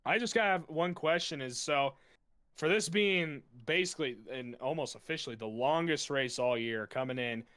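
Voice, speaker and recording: A man's voice: fairly high pitch, normal speed, fairly bright tone, smooth. A young man co-commentating, asking the race winner enthusiastic, wordy questions. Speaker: booth co-commentator. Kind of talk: post-race interview questions.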